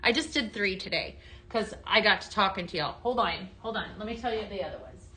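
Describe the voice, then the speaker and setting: Excited live-stream seller, woman, bright and punchy, chats directly to viewers. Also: mid-range voice, fairly quick, poor audio. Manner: excited, gushing, talks straight to viewers. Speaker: live-stream sales host. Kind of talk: chatty live product demo. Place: indoors, dimmed room.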